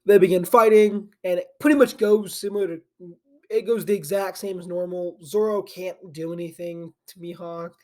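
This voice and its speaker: A man's voice: high voice, fairly even intonation, normal speed, mellow. A young man hosting an anime channel, recorded at his home desk on camera, retelling a story in a loose, sleepy, rambling way full of "like" and restarts. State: sleepy and yawning.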